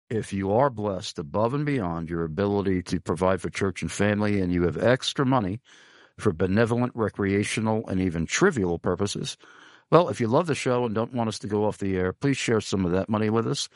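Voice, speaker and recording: A man's voice: deep voice, no room sound, clean studio sound. A man hosting a Christian radio talk show, earnestly pleading with listeners for support and reading out a listener's question. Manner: earnest, pleading, lists many phrases.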